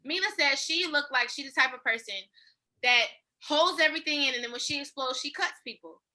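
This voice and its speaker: Bright, high-voiced woman co-host. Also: fairly quick. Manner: animated, slangy, acts out quotes. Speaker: podcast co-host. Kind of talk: casual chat.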